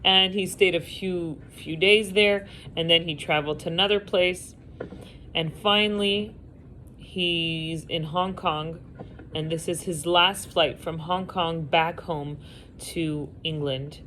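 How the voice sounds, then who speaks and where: A woman teaching a class, telling a story with lively delivery over a video call from home. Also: on the low side, slow pace, slight background noise, poor audio. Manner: animated storyteller, acting out quotes.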